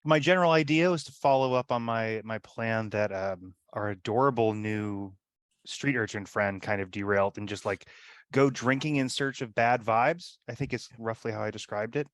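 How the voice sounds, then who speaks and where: A man with a lowish voice talks casually as a player in a tabletop game, asking rule questions and laughing easily. The recording is dry and close. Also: moderate pace, no echo. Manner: chatty, asks about rules, laughs easily.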